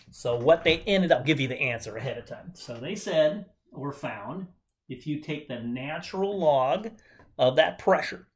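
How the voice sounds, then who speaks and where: A man teaching chemistry at a whiteboard, enthusiastic and jokey, talking straight to his students. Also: fairly high pitch. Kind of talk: whiteboard lecture.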